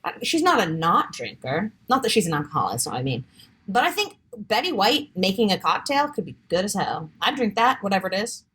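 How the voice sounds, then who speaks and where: A woman's voice: mid-range voice, very animated, brisk, a bit bright, breathy edge. A woman co-hosting a podcast, chatting casually, laughing often and rambling as she searches for words. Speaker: podcast co-host. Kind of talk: casual chat.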